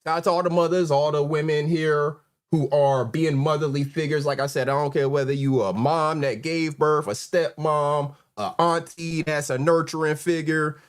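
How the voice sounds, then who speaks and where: A man with a North Carolina accent hosting a casual live stream, relaxed and chuckling as he greets viewers. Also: a little high, normal speed, smooth. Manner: laid-back, chuckling, shout-outs to viewers. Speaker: livestream host.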